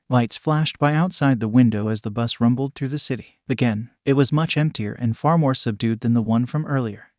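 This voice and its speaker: A man's voice: mid-range voice, a little mellow, no room sound, studio quality. Man reading a story aloud steadily. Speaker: narrator.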